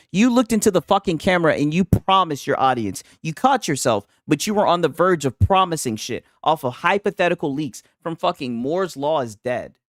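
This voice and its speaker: A man on a live stream, mocking the clips he reacts to in loose, profane commentary and calling out chat names as he goes. His voice sits a bit higher than most men's. The sound is dry and close, with no room around it. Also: no room sound.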